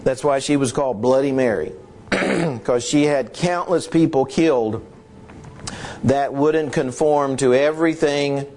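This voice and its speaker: Middle-aged male teacher, unhurried church-history lecture, throat-clearing pauses, faint hiss. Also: mid-range voice, darkish tone. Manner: halting, with frequent throat clearing.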